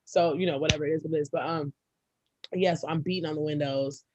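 A young woman, a podcast co-host, telling a personal story in casual, profane chat and breaking into loud, laughing outbursts. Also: low-pitched, fairly even intonation, fast talker, breathy edge, no echo.

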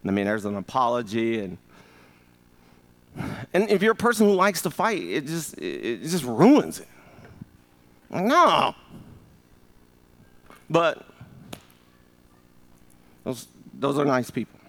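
A man in his fifties preaching a sermon as pastor, animated and joking, calling on the congregation to answer. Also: mid-range voice, takes it slowly, pauses often. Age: 50s.

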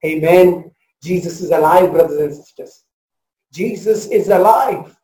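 High-voiced pastor in his forties. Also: a little slow, echoey room, rough recording. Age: 40s. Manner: passionate, swings between loud proclamation and soft hush. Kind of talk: sermon.

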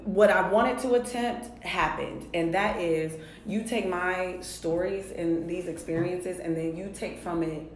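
Brief: woman coach, low-pitched voice, animated and playful, echoey room. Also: unhurried, hardly any pauses, a little hiss or hum. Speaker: relationship coach and author. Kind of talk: casual podcast chat.

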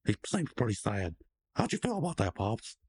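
A man hosting a podcast recaps a cartoon episode in a loose, joking way, dropping into the characters' lines as he goes. His pitch bounces around a lot. The sound is dry and close. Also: huge pitch swings, moderate pace, darkish tone, husky, no room sound. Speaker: podcast co-host.

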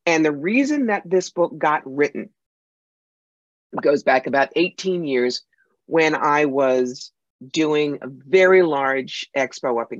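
A woman's voice: low voice, no echo. Woman guest telling stories, punchy n emphatic, kinda muffled lo-fi dry audio. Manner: emphatic, punchy anecdotal storyteller. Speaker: guest, psychic medium and author. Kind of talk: podcast interview, storytelling. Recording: dull lo-fi sound.

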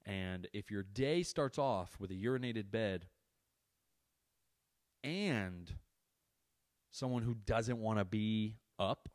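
Low-voiced, swearing man ranting casually. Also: takes it slowly, pauses often, no echo, clean studio sound. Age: adult parent. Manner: profane, exasperated ranting. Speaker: podcast host. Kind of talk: casual monologue.

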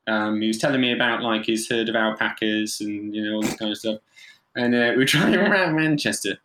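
A podcast guest who works as a photographer shares anecdotes a little fast, his pitch fairly low. His casual, animated delivery is full of fillers and impersonations, captured with a roomy echo.

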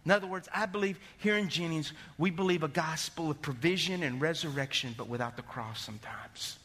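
A male pastor delivering a sermon, animated, rising to shouts and dropping low, recorded in a church sanctuary. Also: fairly quick, breathy edge. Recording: long hall reverb.

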